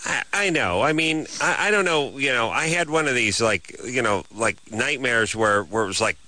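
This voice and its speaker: A middle-aged man co-hosting a radio show, talking in a wry, deadpan, rambling way with lots of fillers. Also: mid-range voice, moderate pace, no room sound. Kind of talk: casual late-night radio banter.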